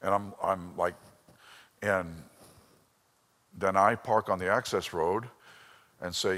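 A man preaching a sermon, telling a personal story with emotion and swinging between loud bursts and hushed lines. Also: sits low, normal speed, long pauses, big-room sound. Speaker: pastor.

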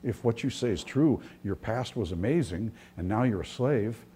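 A preacher acting out a group of mocking fellow slaves, their voice low and mellow, the tone scoffing and doubtful. It is a brief quote inside a sermon, with a faint hum behind it. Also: male voice, lively intonation, normal speed, close to an everyday voice.

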